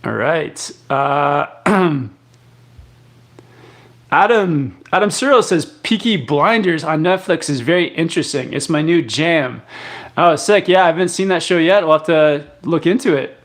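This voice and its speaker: A man's voice: fairly high pitch, unhurried. A young man from Canada hosting a live stream, casually reading viewer comments aloud and answering with lots of fillers and restarts. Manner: relaxed, rambling, many fillers and restarts. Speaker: live chat host.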